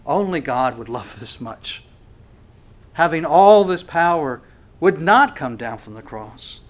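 Male pastor, sermon delivery; fairly high voice, impassioned, big swings between hushed and loud, reads scripture aloud. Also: lively intonation. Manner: impassioned, swinging from soft to loud with slow stressed phrases.

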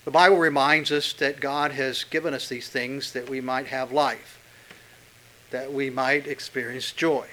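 A man preaching a sermon, pressing hard on key words and dropping to a hush when quoting Scripture. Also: medium pitch, steady tone, a little slow, poor audio. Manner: emphatic, swinging from loud stresses to hushed quotes. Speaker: pastor.

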